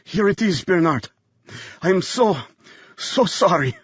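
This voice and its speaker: A man's voice: high-pitched, animated, slow pace, slightly rough, no echo, lo-fi sound, pitched above the performer's own voice, exaggerated voice. A man doing a dying old man gasping. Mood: desperate. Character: dying older man, gasping, with Eastern European accent.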